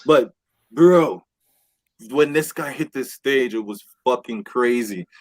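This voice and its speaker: A man telling a wild story on a casual podcast with friends, animated and swearing, acting out what people said. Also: medium pitch, slow. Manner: animated, swears a lot, acts out quotes. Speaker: podcast host. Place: indoor podcast room with friends.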